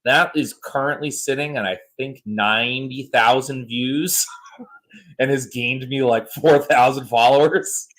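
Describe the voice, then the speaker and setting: A man's voice: mid-range voice, a little slow. Joking man hosting a podcast. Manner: joking, animated storyteller. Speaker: podcast host. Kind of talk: casual podcast chat.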